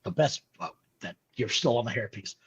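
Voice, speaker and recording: A man's voice: mid-range voice, expressive, normal speed, slightly rough. A man co-hosting a casual wrestling podcast, recapping events with dismissive play-by-play. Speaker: podcast co-host. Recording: dull lo-fi audio.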